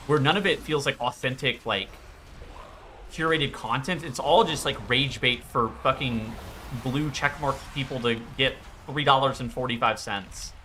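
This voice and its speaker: A man's voice: mid-range voice, bright, forceful tone, slight background noise. A man streaming live, chatting casually in a profane, rambling way.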